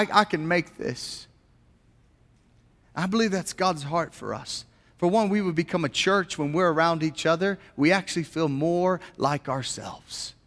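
A man preaches a sermon as a pastor in a church, earnestly putting rhetorical questions to his congregation. His voice is slightly high and a little bright, trailing off into a long reverb tail.

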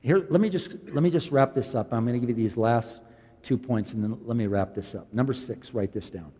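A man in his fifties preaching a sermon as a pastor, swinging from loud, impassioned lines to quiet, low ones. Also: a little fast, breathy edge. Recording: long hall reverb.

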